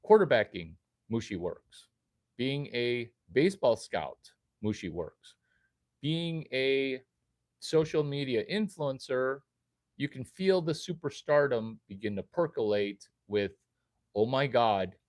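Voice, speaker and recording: A man's voice: medium pitch, dry recording, clean studio sound. A man rambling to his viewers in a direct-to-camera monologue, quizzing them and jumping from topic to topic. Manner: erratic, quizzing, jumps between topics. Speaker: vlogger addressing viewers.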